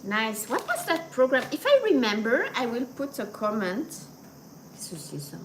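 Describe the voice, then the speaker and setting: A woman's voice: fairly high pitch, huge pitch swings, moderate pace, a bit bright, a little hiss or hum, poor audio. A middle-aged woman with a French accent, chatting casually with viewers as a host and dropping in French and Japanese words. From France. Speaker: channel host. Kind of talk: casual livestream chat.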